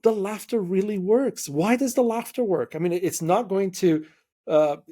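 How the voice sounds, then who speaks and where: A man's voice: high voice, normal speed. A man hosting a podcast, chatting casually and telling stories with lots of fillers and asides. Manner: storytelling, animated, many fillers. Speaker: podcast host. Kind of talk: casual interview conversation.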